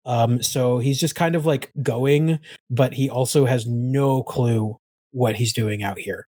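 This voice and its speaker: A man's voice: mid-range voice, slow, mellow, dry recording. Rambling man with a dry sound. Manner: rambling, many fillers like "um" and "like". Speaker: player. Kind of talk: casual chat describing a character.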